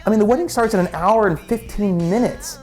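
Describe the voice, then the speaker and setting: A man's voice: high voice, fairly quick, a little mellow, soft background music. A man telling a story casually, with many restarts and repeated words.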